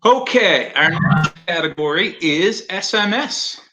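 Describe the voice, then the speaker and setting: A man's voice: high-pitched, expressive, slow pace, music in the background. A man co-hosting a casual virtual award show over a video call, jokey and upbeat. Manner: jokey, upbeat, loose with fillers. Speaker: awards co-host.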